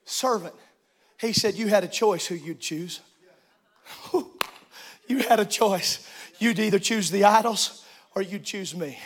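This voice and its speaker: A man, a pastor, preaching a sermon in a church, shouting and swinging into sing-song cadences. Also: high-pitched, measured pace, long pauses.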